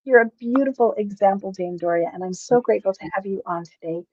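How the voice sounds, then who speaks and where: A woman's voice: mid-range voice, fast talker, darkish tone, dry recording. A woman hosting a podcast interview, speaking in an earnest way and praising her guest. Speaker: podcast host. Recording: dull, dry video-call audio.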